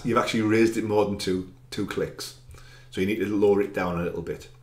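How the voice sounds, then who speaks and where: A man with a fairly low voice coaches his viewers on self-confidence. He speaks directly and encouragingly, punching key words with extra volume. The room around him adds a noticeable echo. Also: fairly bright tone. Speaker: anxiety coach. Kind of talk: self-help video talk.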